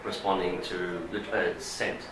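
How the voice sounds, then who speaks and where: A man's voice: sits low, flat delivery, measured pace, recorded from a distance. A man film director musing thoughtfully in a casual interview. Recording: echoey room, voice off-mic, crowd behind.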